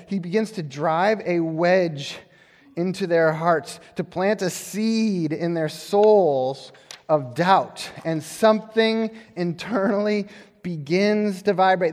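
A male pastor giving a conversational, animated sermon, often repeating words as he restarts. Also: high-pitched. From United States. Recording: long hall reverb.

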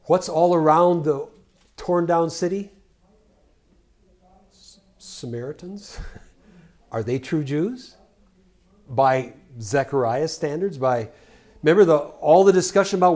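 An older man preaching a Bible-teaching sermon, earnest and full of rhetorical questions, rising loud for scripture and dropping quiet for asides. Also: fairly high pitch, animated, slow, long pauses. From United States.

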